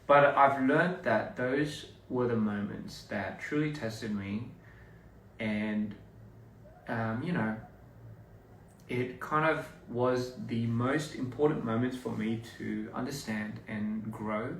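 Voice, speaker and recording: A man's voice: medium pitch, slow pace, fairly bright tone, slight background noise. A young man, chatting casually to fans on a livestream, rambling with many restarts and fillers. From Australia. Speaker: performer talking to fans. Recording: roomy, somewhat distant phone audio.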